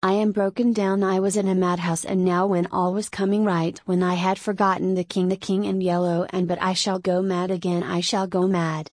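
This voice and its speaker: A woman's voice: lowish voice, flat delivery, normal speed, few pauses, a little mellow, no echo, studio quality, natural voice. A woman voicing a terrified, broken man who begs and cries in an audiobook. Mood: desperate. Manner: pleading, breathless crying.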